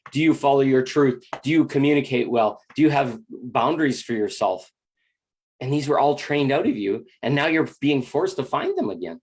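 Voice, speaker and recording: A man giving an earnest, animated spiritual talk, often acting out quoted inner voices. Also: medium pitch. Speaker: spiritual teacher.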